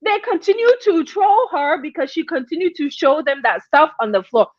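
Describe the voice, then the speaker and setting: A high-voiced woman gossips casually to her livestream viewers and breaks off to greet them by name. She laughs a lot as she tells the story. The sound is dry and dull, like lo-fi stream audio. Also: lively intonation, normal speed, no room sound. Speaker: livestream host.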